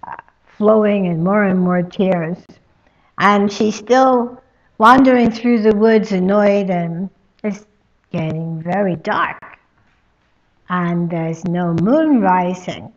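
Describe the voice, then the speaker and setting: Slow-spoken woman teacher telling a story. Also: medium pitch, highs cut off. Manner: slow, halting, with fillers and soft asides. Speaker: spiritual teacher.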